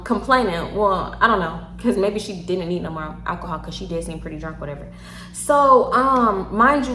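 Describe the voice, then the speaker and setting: A woman with a Houston accent telling a story casually to her viewers, animated, slangy and quick to laugh. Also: a little high. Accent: Southern US, Houston. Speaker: storytime vlogger. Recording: echoey room.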